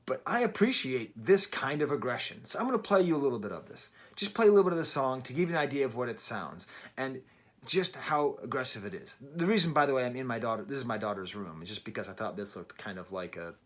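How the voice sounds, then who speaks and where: A man's voice: medium pitch, a bit bright. A middle-aged man giving a casual, emphatic and wry album review from his daughter's bedroom at home. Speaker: music reviewer.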